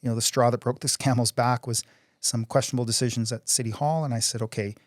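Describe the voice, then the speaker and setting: A man's voice: medium pitch, fairly even intonation, fast, no echo, clean studio sound. A middle-aged man, a council candidate and oil company CEO, speaking earnestly in a casual interview with frequent restarts. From Canada.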